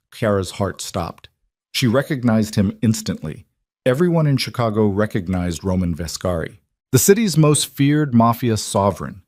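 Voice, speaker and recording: A man narrating a dramatic romance story in a measured storytelling voice. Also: on the low side, a little mellow, no room sound, studio quality.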